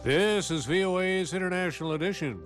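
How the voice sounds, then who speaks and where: A man presenting a radio news program in a crisp announcer delivery. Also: high voice, brisk, loud music behind the voice.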